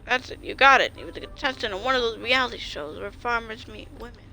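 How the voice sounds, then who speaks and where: A woman's voice: on the high side, lively intonation, fast talker, gravelly, pushed and bright, rough recording. A woman streamer reading a story game's narration aloud, with chatty asides.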